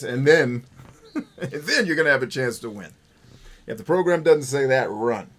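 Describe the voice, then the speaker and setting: Guy hosting a game stream, blunt and sweary rants, reads chat out loud, middle-pitched man's voice. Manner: blunt, profane, ranting; reads chat messages aloud. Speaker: gaming show host. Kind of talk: livestream gameplay commentary and chat.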